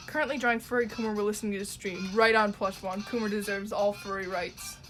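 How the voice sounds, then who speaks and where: A woman's voice: mid-range voice, steady tone, fast, a bit bright, soft background music. A young woman from Ontario with a Toronto Canadian accent, chatting casually and rambling with swearing while she draws on a live stream.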